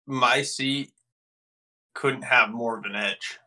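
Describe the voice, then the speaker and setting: A man's voice: medium pitch, takes it slowly, sharp tone. A young man co-hosting a casual podcast, chiming in with short dry quips. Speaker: podcast co-host.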